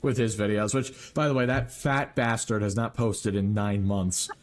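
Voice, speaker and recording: A man hosting a casual reaction chat, sarcastic and animated. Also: lowish voice, moderate pace. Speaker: host.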